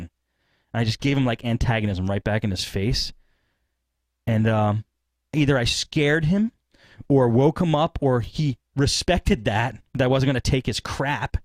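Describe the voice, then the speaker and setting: A man hosting a podcast, telling a long story in a rambling, animated way and acting out what people said. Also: mid-range voice, a little slow, no echo. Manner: rambling, animated retelling with acted-out quotes. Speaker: podcast host. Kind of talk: casual storytelling.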